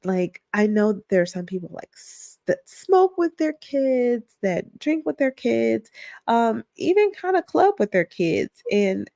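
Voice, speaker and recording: A woman's voice: a little high, very animated, a little slow, vocal fry, warm tone, no echo, studio quality. A middle-aged woman hosting her own podcast, talking candidly and reflectively in a casual, conversational way. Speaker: podcast host. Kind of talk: casual solo podcast talk.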